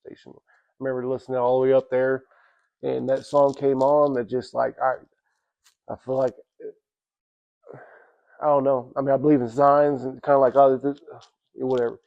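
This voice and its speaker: Gravelly man rambling through a testimony. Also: medium pitch, little pitch movement, darkish tone, muffled recording. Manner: rambling, halting storytelling with many restarts; casual, repeats "you know what I'm saying". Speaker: church member giving testimony. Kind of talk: personal testimony. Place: church.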